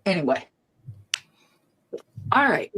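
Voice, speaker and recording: A woman's voice: lowish voice, big pitch swings, takes it slowly, a bit bright, a little hiss or hum. A tired woman, talking earnestly and apologetically as a guest on a live stream. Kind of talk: emotional live-stream talk.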